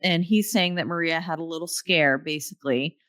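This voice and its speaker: A woman's voice: low-pitched, brisk, fairly bright tone, no echo, clean studio sound. A woman co-hosting a podcast, casually recapping a horror film plot with fillers and little acted-out lines. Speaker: podcast co-host.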